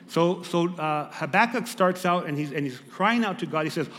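A man preaching a sermon to a church congregation. He stumbles over repeated words and rises to loud, emphatic reading. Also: on the high side, fairly quick, hardly any pauses, long reverb tail. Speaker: pastor. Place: church service.

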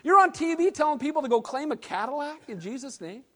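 A man preaching a sermon as pastor, animated and conversational, with casual slang. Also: extremely high pitch, fast talker. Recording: long hall reverb.

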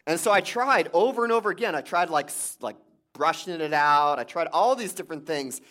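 A man's voice: fairly high pitch, lively intonation, a little fast, pushed and bright. A man, a pastor, giving a sermon in a conversational storytelling way with restarts.

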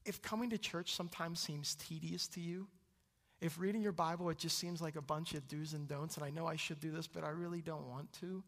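A young adult man preaching a sermon, jumping to loud high exclamations and dropping to hushed low asides. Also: fairly even intonation, brisk. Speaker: pastor.

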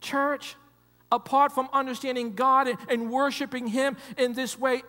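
Male pastor, high voice, preaching in a church hall with a long echo. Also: flat delivery, measured pace. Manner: preaching with repetitions, swings from loud emphasis to hushed. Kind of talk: sermon. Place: church sanctuary.

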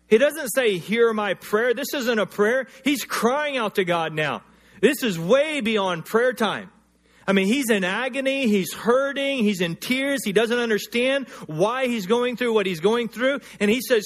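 A man preaching a sermon, swinging from loud emphatic lines to quiet, hushed ones, and telling personal stories. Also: extremely high pitch, expressive, measured pace. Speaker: pastor.

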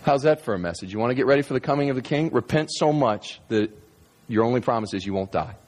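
A male pastor preaches in a loose, conversational way, stumbling over restarts as he tells a story. His voice sits at an ordinary middle pitch. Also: animated, fast talker, darkish tone. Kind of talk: sermon.

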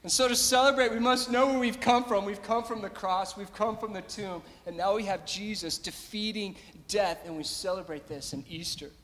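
A man's voice: high-pitched, normal speed, few pauses, fairly bright tone, long reverb tail. A man preaching a sermon as pastor, emphatic and repeating his phrases, calling out to the congregation.

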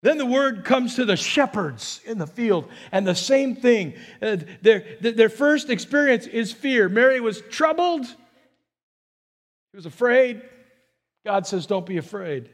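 High-voiced pastor preaching. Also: male voice. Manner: animated preaching, rhetorical questions to the congregation; repeats words while building a point. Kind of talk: sermon.

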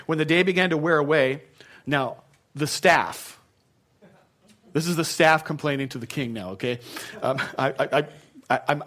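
A man preaching a relaxed, conversational sermon, his voice sitting at an ordinary middle pitch. He is chatty and self-deprecating, stops for many asides and restarts his sentences. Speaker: pastor.

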